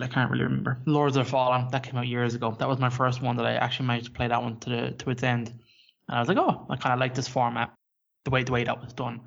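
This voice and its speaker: A podcast co-host with a medium-pitched, fairly bright voice rambles through a casual chat peppered with swearing. The audio is dull and lo-fi, typical of podcast recording.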